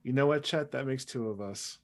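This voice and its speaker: A man's voice: mid-range voice, a little fast, darkish tone. A man playing a tabletop game, trading sarcastic, joking banter in character. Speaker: player.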